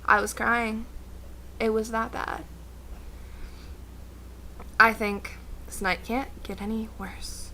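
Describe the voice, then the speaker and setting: A young woman with a bright, high-leaning voice tells a story to her camera in a casual storytime rant. She is sarcastic and exasperated and talks with plenty of animation. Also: steady tone, moderate pace, pauses often. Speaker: vlogger.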